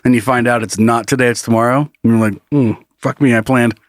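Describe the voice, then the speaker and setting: A middle-aged man co-hosting a podcast, telling a story in animated casual chat, swearing often and laughing mid-sentence. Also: medium pitch, quick pace, dry recording, studio quality. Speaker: podcast co-host.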